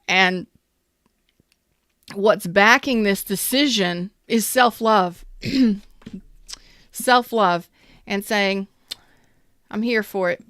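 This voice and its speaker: A woman reads tarot very slowly, leaving long pauses, her mid-range voice fairly bright in tone. Though unhurried, she stays chatty, upbeat, and emphatic, addressing her viewers directly. The studio sound is clean with no echo.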